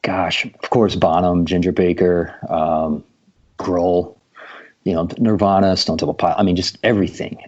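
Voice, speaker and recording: Around forty, this drummer guesting on a podcast has a low, steady, slightly mellow voice and a normal pace. His easygoing storytelling is loaded with ums, and the lo-fi audio sounds dull.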